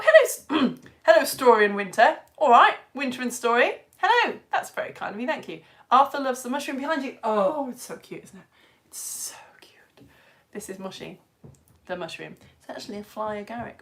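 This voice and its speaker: A woman's voice: high-pitched, very animated, fast, a bit bright. A young British woman hosting a live children's science lesson, bubbly as she reads out viewers' comments and greets them by name. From United Kingdom. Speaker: science teacher.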